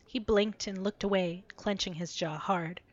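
A woman co-hosting a podcast, reading a story aloud with lively expression and joking banter. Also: mid-range voice, unhurried, muffled recording. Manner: expressive, giggly.

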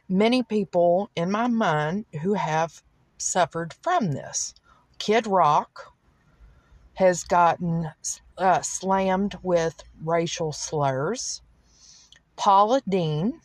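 A woman with a Southern accent hosts a solo podcast, talking slowly in a rambling way and often stopping on fillers. Her voice sits fairly low for a woman. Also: no echo. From American South. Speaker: podcast host. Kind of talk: solo opinion monologue.

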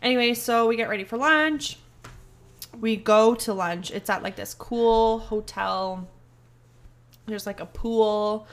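A young woman co-hosting a podcast, telling a story in casual chat, animated and full of swearing. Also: a little high, slow pace. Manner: animated, swearing, quotes people in heated voices. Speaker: podcast co-host.

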